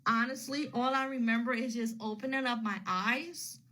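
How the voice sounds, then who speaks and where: A woman's voice: fairly high pitch, steady tone, normal speed, pushed and bright, rough recording. A woman casually telling a personal story to her phone camera, rambling and repeating herself as she retells what people said.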